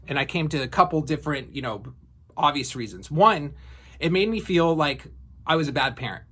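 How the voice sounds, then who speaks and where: A man's voice: fairly high pitch, animated, fairly quick, pushed and bright. Reflective man telling a personal story. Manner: reflective, loose, many fillers and restarts. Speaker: vlogger.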